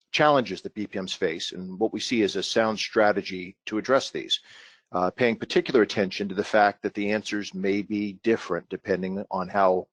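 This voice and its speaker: Low-voiced man presenting, halting. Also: dry recording. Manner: halting, many "uh"s. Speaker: product manager presenting. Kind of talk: webinar presentation.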